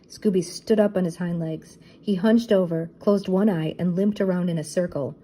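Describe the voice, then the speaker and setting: Woman narrator for a children's chapter book; steady storybook delivery, mellow tone. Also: fairly low pitch, moderate pace, rough recording. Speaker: storybook reader. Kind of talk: reading a children's book aloud.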